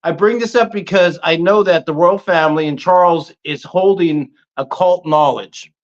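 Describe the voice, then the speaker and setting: High-voiced enthusiastic male podcast host. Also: normal speed, highs cut off. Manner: enthusiastic, rambling with restarts. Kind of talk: casual chat.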